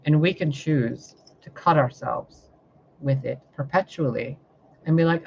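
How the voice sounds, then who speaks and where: A woman's voice: low voice, measured pace, vocal fry, a little mellow, slight background noise. Woman going off in a spiritual rant, swears a lot, fiery and in your face, kinda dull lo-fi audio. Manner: fiery, confrontational, heavy swearing, rhetorical questions. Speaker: tarot reader and spiritual channel host. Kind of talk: impassioned spiritual monologue.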